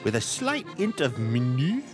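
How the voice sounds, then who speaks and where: Snooty sommelier guy w a fake french accent, slow and showy, a podcast host doing the voice. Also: mid-range voice, wildly swooping pitch, over music, pitched above the performer's own voice. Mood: haughty. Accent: put-on French. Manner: pompous, drawn-out, condescending.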